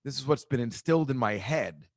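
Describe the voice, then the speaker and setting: In this clean, dry studio recording, a podcast host rambles his way through a laid-back comic monologue, poking fun at himself. He sounds animated and quick, his pitch jumping around often.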